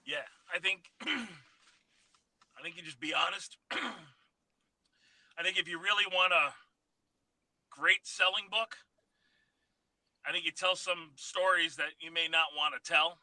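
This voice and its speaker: A man as a guest on a casual podcast, recounting his career in a low-key, reflective way. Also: slow, long pauses, pushed and bright, dry recording, low-quality recording. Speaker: podcast guest, former wrestler, author. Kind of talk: casual interview chat.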